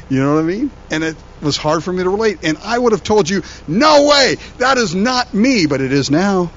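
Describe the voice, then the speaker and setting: A man who is a pastor, preaching a sermon in an animated, conversational way, often repeating words as he goes. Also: high-pitched, a little slow, pauses often, lo-fi sound, a little hiss or hum.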